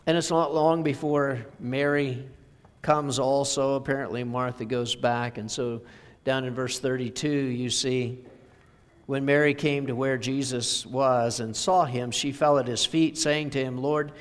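Male preacher, slow deliberate sermon delivery, church reverb. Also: medium pitch, fairly even intonation. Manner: slow, measured storytelling with scripture reading. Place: church sanctuary.

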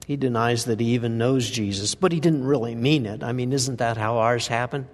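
Brisk and medium in pitch, a man's voice fills a reverberant church sanctuary as he preaches conversationally. He reads scripture aloud and frequently throws rhetorical questions at his listeners.

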